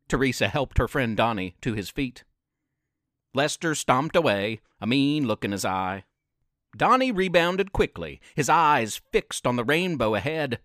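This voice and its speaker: A man reading a children's adventure story aloud as narrator, slow and expressive. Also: mid-range voice, dry recording, studio quality. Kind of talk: scripted narration.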